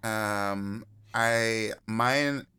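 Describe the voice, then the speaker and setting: Smooth, bright, joking male podcast guest. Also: lowish voice, very slow. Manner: joking, animated, rambling. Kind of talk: casual chat.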